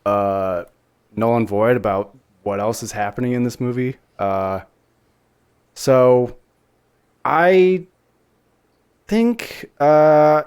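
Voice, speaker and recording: A man co-hosting a movie podcast who talks bluntly and circles back to his points, with plenty of "uh" and "um". His voice sits at an average pitch. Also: expressive, takes it slowly, long pauses, a little mellow, clean tone. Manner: blunt, repeats points, hesitant fillers. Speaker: podcast co-host. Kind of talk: casual chat.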